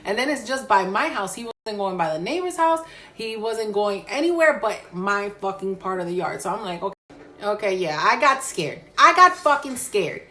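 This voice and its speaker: A woman's voice: mid-range voice, moderate pace. Foul-mouthed woman telling a spooky story. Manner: profane, animated storytelling. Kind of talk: casual storytime.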